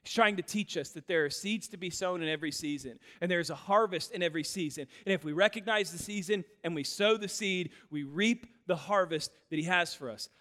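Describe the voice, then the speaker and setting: High bright-voiced male pastor preaching. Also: brisk, hardly any pauses, in a large hall. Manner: animated storytelling with self-deprecating humor. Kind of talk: sermon.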